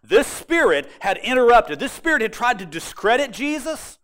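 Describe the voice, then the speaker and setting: A male pastor preaching a sermon with a high, lively voice that rises and drops dramatically. He is emphatic and builds his points through repetition. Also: moderate pace. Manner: emphatic, expressive, repetitive for effect.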